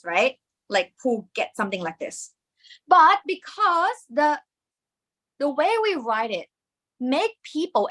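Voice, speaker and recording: Woman, Thai accent, language teacher, bright animated pitch, encouraging live lesson. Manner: lively and encouraging, mixing in Thai particles.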